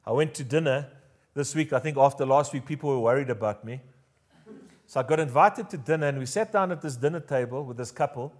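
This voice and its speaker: A man with a South African accent preaching a sermon as pastor, animated and jokey, leading the congregation in call-and-response. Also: mid-range voice, moderate pace, pauses often.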